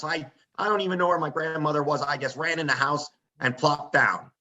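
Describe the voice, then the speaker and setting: A man telling a story in a casual, animated way on a front porch, as a podcast guest. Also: on the high side, fairly quick. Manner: animated, acts out quoted voices.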